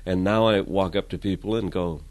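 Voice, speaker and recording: A man, a guest in an interview, telling comic stories in an animated way, going from loud to hushed. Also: low voice, fairly quick, no echo. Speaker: guest, comedic storyteller. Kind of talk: casual interview chat.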